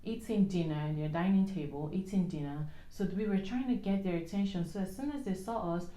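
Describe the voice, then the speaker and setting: A woman with a slightly low voice chats to her viewers as she puts on her makeup. She tells a personal story in an animated, rambling way, full of "um"s and restarts. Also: fairly quick, echoey room. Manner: animated retelling with many fillers and restarts. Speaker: vlogger. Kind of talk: storytime chat while doing makeup.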